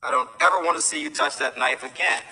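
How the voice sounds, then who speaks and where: A man puts on a stern mother in a children's story, her voice pitched high and bright as she sharply scolds her son. The sound is distant, as though the mic sits well away from him. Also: wildly swooping pitch, quick pace, vocal fry, full character voice. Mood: scolding. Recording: voice from far off the mic.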